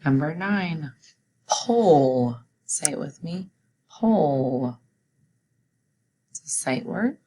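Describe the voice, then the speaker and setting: A woman teacher giving a recorded spelling test, reading each word slowly and deliberately and pronouncing it clearly. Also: low-pitched, darkish tone, rough recording. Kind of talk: recorded classroom spelling dictation.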